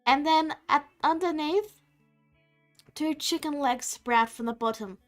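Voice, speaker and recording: A woman's voice: high voice, a little slow, faint music behind. A woman running a tabletop game as dungeon master, describing scenes in a playful, rambling way.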